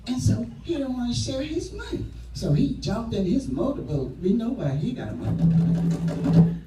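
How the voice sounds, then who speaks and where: A man telling a story live to children, lively and drawing them in with call-and-response. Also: extremely high pitch, normal speed, background noise. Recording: echoey room from far off, music behind.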